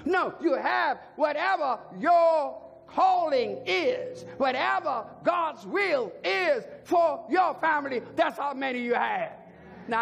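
An older man preaching a sermon as a bishop, driving points home by repeating words and rising to shouts. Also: extremely high pitch, animated, slow pace, vocal fry. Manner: emphatic repetition, rising to shouts. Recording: long hall reverb, faint organ music.

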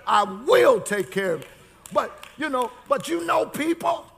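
Male preacher with a bright, tense, gravelly voice, delivering a rousing call-and-response sermon. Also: very high voice, animated. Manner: call-and-response preaching, shouting key lines, drawn-out words.

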